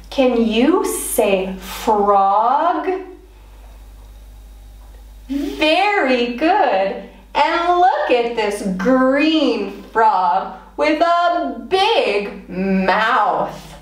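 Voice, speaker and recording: Woman teacher talking real slow to little kids, bouncy sing-song voice, kinda far off in an echoey room. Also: fairly high pitch. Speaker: English teacher for children. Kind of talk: slow children's vocabulary lesson.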